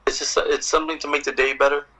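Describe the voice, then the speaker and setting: Middle-aged man, bright tense voice, loose swearing podcast storyteller. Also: fairly high pitch, fast, rough recording. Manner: animated, profane storyteller, acts out exchanges. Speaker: poet and guest. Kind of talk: casual podcast conversation.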